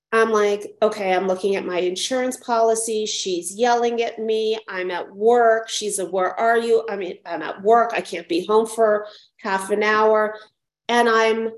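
Reflective woman sharing her story, echoey. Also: mid-range voice. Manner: reflective, repeats phrases, frequent "right?". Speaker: speaker at a recovery meeting. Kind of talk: personal share at a support meeting.

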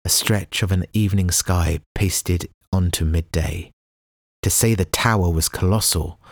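A man reading a novel aloud as an audiobook narrator, in a measured, even storytelling delivery. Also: sits low, breathy edge, no room sound, clean studio sound. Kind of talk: scripted narration.

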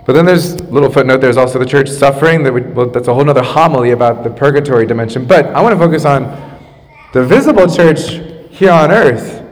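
A man's voice: mid-range voice, fast. A man in his thirties, a pastor, preaching a sermon casually, with asides and restarts, on a makeshift microphone in a church. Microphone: makeshift microphone after the main one broke. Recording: long church reverb.

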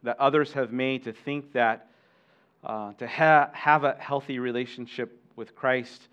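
A man's voice: mid-range voice, fairly even intonation, unhurried, fairly bright tone, clean tone, dull audio. A man preaching a sermon as pastor, talking conversationally with asides to the congregation and frequent restarts.

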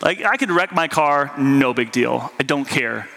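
A man's voice: medium pitch, expressive, a little slow, vocal fry, pushed and bright. A man preaching a casual, conversational sermon in a church, chatty and full of "like" and "right?". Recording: long hall reverb.

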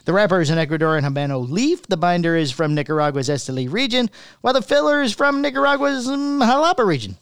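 A man's voice: sits high, big pitch swings, quick pace, smooth, no echo, clean studio sound. A man co-hosting a podcast, reading product news aloud and joking with his co-host. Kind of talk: casual chat, reading news. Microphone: podcast studio mic.

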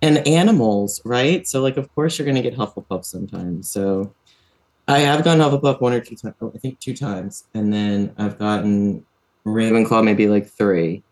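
Podcast guest, mid-pitched, rambling and earnest, many restarts. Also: normal speed, a little mellow. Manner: rambling, self-correcting, earnest. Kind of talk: casual chat.

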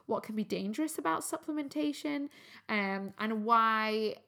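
Her voice is fairly high, bright, and forceful, animated yet unhurried, with some vocal fry. This young adult woman from England hosts her own health podcast alone, keeping the chat upbeat and casual and saying "um" a lot.

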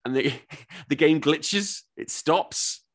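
A man with a Wirral accent hosting a casual chat, telling stories with excited swearing and lively quotes. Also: a little high, slow pace. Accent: Wirral, Merseyside. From England. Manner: animated storytelling, swears often, jumps into excited quotes. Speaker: podcast host.

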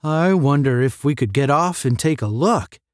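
A man's voice: fairly high pitch, lively intonation, normal speed, no echo, clean studio sound, close to an everyday voice. A man voicing a big, good-natured young cadet in a space-academy story. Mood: friendly.

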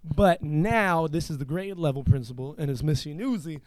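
Young dude cussing thru a story, kinda high voice, dry sound. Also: male voice, normal speed, no echo. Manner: profane, animated storyteller. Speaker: podcast host. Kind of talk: casual storytelling chat.

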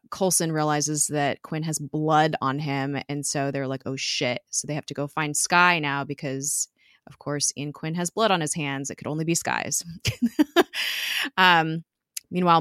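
A woman's voice: low voice, a bit bright, clean tone, dry recording, clean studio sound. A woman casually retelling a TV episode to a co-host, chatty, with fillers and laughs. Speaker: podcast co-host recapping a TV episode. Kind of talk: casual recap chat.

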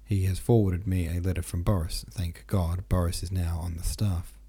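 A man's voice: sits low, level tone, normal speed, dark tone, breathy edge, full character voice. A man reading an audiobook, voicing a meek, pious middle-aged noblewoman who speaks in a confiding, sentimental way.

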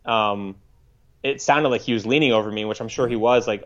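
A man in his thirties with a low voice tells his story as an interview guest. He speaks in a halting, reflective way, restarting sentences as he searches for words. The audio is slightly dull and lo-fi. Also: fairly bright tone. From United States. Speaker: podcast guest.

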